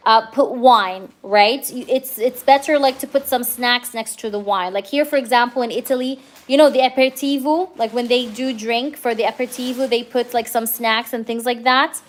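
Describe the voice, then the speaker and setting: A woman's voice: a little high, moderate pace, few pauses. Chatty reassuring woman reading tarot. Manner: chatty, reassuring, full of fillers and "okay?" checks. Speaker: tarot reader. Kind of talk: live-stream tarot reading.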